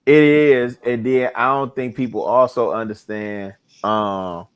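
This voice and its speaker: A man's voice: medium pitch, steady tone, measured pace, smooth. A middle-aged man with a Chicago accent, talking in a rambling, laid-back way on a podcast and trailing into fillers. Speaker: podcast co-host. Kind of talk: casual chat.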